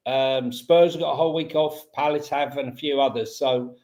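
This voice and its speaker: A man's voice: mid-range voice, fairly even intonation, moderate pace, darkish tone. Easygoing man in an echoey room. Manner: easygoing, laid-back. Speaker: podcast co-host. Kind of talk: casual football chat. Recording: roomy echoey sound.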